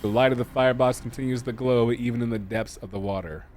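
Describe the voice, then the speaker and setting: A man at a middle pitch reads story text from a game in a slow, measured way, then drops into loose, joking chatter with his viewers. His voice sits right in the usual range for a man. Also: steady tone, darkish tone, a little hiss or hum. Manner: slow, deliberate reading of narration, jokey asides. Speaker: gaming streamer. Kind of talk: reading game text aloud with casual commentary.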